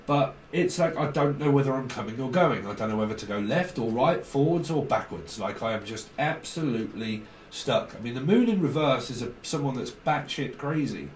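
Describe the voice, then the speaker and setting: A man's voice: medium pitch, expressive, normal speed, few pauses, echoey room, far from the mic, slight background noise, rough recording. A man giving a casual tarot reading, rambling and blunt, swearing freely. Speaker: tarot reader.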